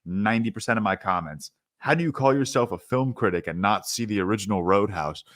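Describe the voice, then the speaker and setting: A young podcast co-host with a lowish, slightly bright voice talks briskly about a film in a casual review chat. His rambling delivery is full of fillers and restarts, recorded dry at studio quality.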